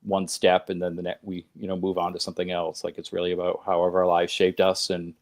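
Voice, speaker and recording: This podcast guest, himself a show host, has a low voice and a completely flat delivery, yet talks quickly, earnestly, and emphatically. His conversational speech runs on in long sentences with restarts.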